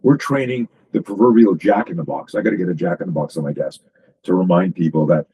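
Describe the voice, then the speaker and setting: A man's voice: deep voice, fast talker, warm tone, slightly rough, poor audio. A man, a self-defense coach, talking as a guest in a casual podcast conversation, emphatic and profane, piling up stories and restarting sentences.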